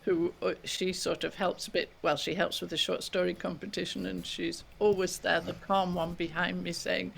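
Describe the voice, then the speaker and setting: A woman's voice: fairly low pitch, little pitch movement, normal speed, gravelly, hardly any pauses. An older woman, a guest author, telling stories in a chatty, giggly way in a casual interview.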